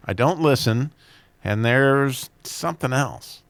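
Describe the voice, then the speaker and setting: A man's voice: mid-range voice, animated, takes it slowly, creaky, dry recording. A man reading jokes and funny stories as host, chuckling at his own punchlines and raising his voice for quoted characters.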